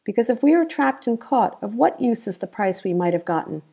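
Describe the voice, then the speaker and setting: A woman voicing a half-drunk male bandit chief who is boastful and crafty, talking loud and demanding. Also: fairly high pitch, lively intonation, a little fast, gravelly, slightly rough, exaggerated voice. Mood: scornful.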